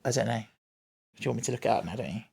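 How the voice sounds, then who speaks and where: A man's voice: mid-range voice, very fast, creaky, a little mellow, slightly rough. A man co-hosting a podcast, chatting casually and thoughtfully about a TV series, with frequent fillers and restarts. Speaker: podcast co-host. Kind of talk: casual chat reviewing a TV series.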